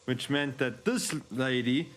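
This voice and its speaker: A male streamer gives casual commentary on a game, joking and irreverent with some swearing. His voice sits at a middling pitch. A faint hum lies behind him. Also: animated, takes it slowly, fairly bright tone. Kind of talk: casual let's-play commentary.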